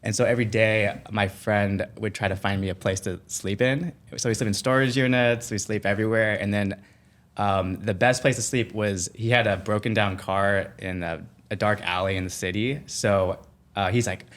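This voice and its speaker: A man guesting on a podcast, telling a personal story in a casual, animated way, full of "like" fillers and acted-out quotes. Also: on the low side, normal speed. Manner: animated, acts out quoted voices, many "like" fillers.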